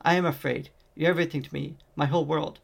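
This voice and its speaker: A grieving middle-aged father pleads with a choked, gravelly voice in a storybook reading, as a man reads him. His pitch stays flat and somewhat high. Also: fast talker.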